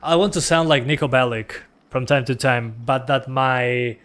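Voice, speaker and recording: A man whose first language is Spanish streams a game in English, voice sitting at an ordinary middle pitch. He rambles loosely, pokes fun at himself and answers chat messages as they come in. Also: normal speed. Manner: relaxed, rambling, self-deprecating, talks to chat. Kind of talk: casual gameplay chat.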